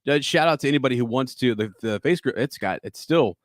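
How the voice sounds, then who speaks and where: A man's voice: medium pitch, expressive, fast, no room sound, clean studio sound. A man co-hosting a live call-in podcast, rambling with many restarts. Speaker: podcast co-host.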